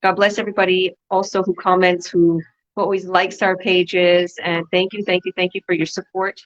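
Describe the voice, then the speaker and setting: A woman's voice: fairly low pitch, little pitch movement, moderate pace, lo-fi sound. A woman business coach hosting a motivational online talk, upbeat and preachy, often repeating herself.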